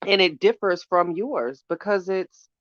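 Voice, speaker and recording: A woman hosting a casual live stream, hoarse from a chest cold, chatting with viewers and greeting them by name. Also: lowish voice, expressive, a little slow, fairly bright tone, dry recording, muffled recording. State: hoarse from bronchitis. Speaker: podcast host doing a live stream. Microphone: phone.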